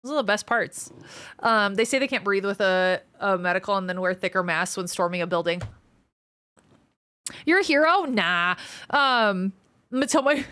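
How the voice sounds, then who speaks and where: Her mid-range voice has lively intonation and sounds pushed and bright, clear and resonant, in a dry recording. She's a woman training in surgery who streams live, chats casually, reads viewer comments aloud, and talks frankly and profanely, venting quickly.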